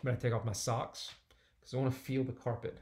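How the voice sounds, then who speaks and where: A man's voice: mid-range voice, little pitch movement, fairly quick, darkish tone. Man preaching a conversational sermon. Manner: conversational, emphatic repetition. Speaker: pastor.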